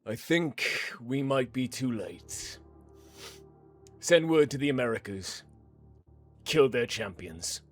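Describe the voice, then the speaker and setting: A game master putting on a big, cold-blooded man who talks flatly and without a hint of regret, his voice sitting at an ordinary pitch. He speaks slowly and evenly, with soft music faint behind him. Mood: cold, calm. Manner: flat, unrepentant, measured. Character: large cold-blooded man, calm and menacing.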